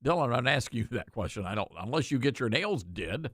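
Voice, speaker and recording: A man's voice: mid-range voice, very animated, fast, fairly bright tone, no echo, studio quality. A man hosting a talk radio show, speaking in an emphatic, folksy way.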